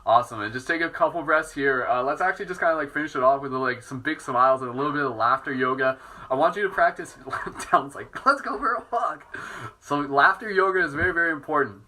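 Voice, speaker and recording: Male meditation teacher, bright tone, relaxed and soft, guiding breath work. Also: medium pitch, quick pace, poor audio. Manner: relaxed, soft-spoken, self-mocking. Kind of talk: live guided meditation.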